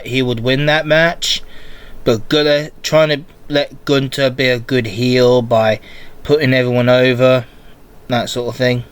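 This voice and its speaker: A man with a cold hosts a casual wrestling podcast by himself, speaking slowly, rambling, and frequently restarting his sentences. His voice is medium-pitched, a bit bright, and smooth.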